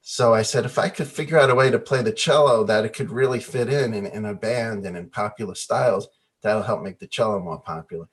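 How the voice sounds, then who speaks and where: Animated storytelling man on a video call. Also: fairly low pitch, fairly quick, husky. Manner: animated storyteller, acts out quoted voices, laughs often. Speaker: guest musician.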